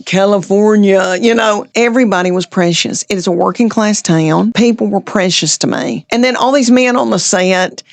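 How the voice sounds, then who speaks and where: A middle-aged woman from Tennessee with a Southern accent, telling stories as a comedian guest on a podcast, lively and chuckling as she goes. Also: mid-range voice, moderate pace, vocal fry, few pauses, no room sound. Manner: lively anecdotal telling, chuckles mid-sentence. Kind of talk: chatty podcast storytelling.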